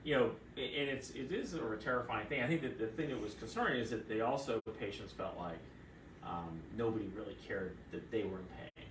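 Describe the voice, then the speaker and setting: Low-voiced man telling lively stories. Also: brisk. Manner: animated storyteller, acts out quoted voices. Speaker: fertility doctor. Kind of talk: casual conversational storytelling. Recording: roomy, distant mic with background noise.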